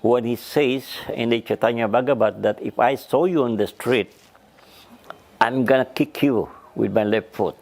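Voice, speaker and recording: A man, a spiritual teacher, recounting stories in a lively talk with loose grammar and many fillers. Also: normal speed. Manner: lively retelling, shifts pitch up for quoted speakers. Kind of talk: storytelling talk.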